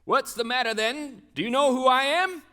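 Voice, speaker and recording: Tom Bombadil, a man doing a high jolly old singer. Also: moderate pace, sharp tone. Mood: boisterous. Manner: sing-song, bouncy rhyming delivery. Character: jolly old man, merry rhyming forest dweller.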